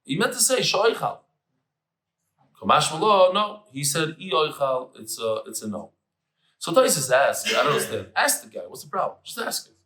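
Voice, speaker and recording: A man giving a lively, chatty Talmud lesson in English, mixing in Hebrew terms. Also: on the high side, normal speed, roomy sound, low-quality recording. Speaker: Daf Yomi teacher. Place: room with tables and air conditioner.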